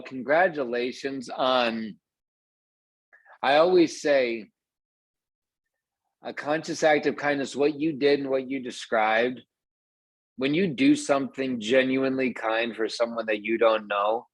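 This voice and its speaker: A man's voice: medium pitch, unhurried, no room sound. A man hosting a group coaching call over video, upbeat and encouraging as he speaks directly to the group.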